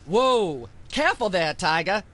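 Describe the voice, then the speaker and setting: A woman's voice: on the low side, big pitch swings, unhurried, a bit bright. An actress voicing a theatrical, condescending female talk-show host in a video game, with faint noise behind her. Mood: preachy.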